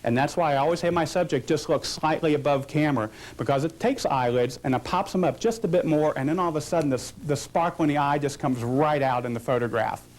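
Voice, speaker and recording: A man's voice: fairly high pitch, fast talker, few pauses, darkish tone. A man teaching a portrait photography lesson, asking questions and answering them, coaching a model through poses. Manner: explains with rhetorical questions, coaching a posing model. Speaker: photography instructor. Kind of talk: instructional demonstration.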